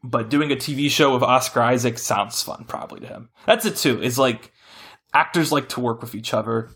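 A man hosting a casual podcast chat, rambling and correcting himself as he talks with animated shifts. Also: medium pitch, brisk, breathy edge. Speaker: podcast host.

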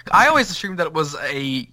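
A man's voice: a little high, big pitch swings, normal speed, bright, forceful tone, dry recording. An Australian man co-hosting a podcast in casual chat, with a dry, wry way of talking. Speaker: podcast co-host.

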